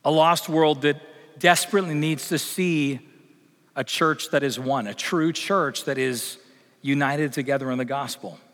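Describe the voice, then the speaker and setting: A man preaching a sermon as pastor, telling a joke with lively voices before turning earnest. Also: on the high side, measured pace, big-room sound.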